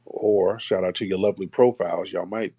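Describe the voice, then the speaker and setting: A man's voice: low-pitched, fairly even intonation, fairly quick, mellow, no room sound. A man hosting a call-in show, blunt and mocking toward callers, often repeating himself. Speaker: host taking callers. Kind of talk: combative call-in talk.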